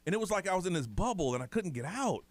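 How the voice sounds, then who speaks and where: Male morning radio host, quick and animated, dry close mic, does the voices in his stories. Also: high voice, dry recording. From United States. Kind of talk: casual storytelling on morning radio. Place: radio studio.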